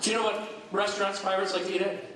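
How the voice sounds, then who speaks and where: A man's voice: sits high, level tone, fast. A man, a police chaplain, telling one-liner jokes and teasing the audience at a banquet. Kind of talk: stand-up joke telling. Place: large banquet hall with a laughing crowd. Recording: echoey hall, heavy crowd noise, far off.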